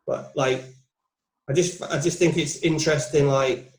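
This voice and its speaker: A man's voice: fairly high pitch, steady tone, a little slow. Reflective man in his forties, roomy sound. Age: 40s. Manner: reflective, thinking aloud, muses with questions. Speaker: putting coach, guest. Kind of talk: casual coaching conversation. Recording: roomy echo.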